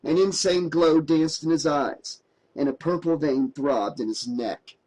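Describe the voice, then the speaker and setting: A man narrating a horror audiobook in a steady, dramatic storytelling voice. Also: fairly high pitch, unhurried, poor audio.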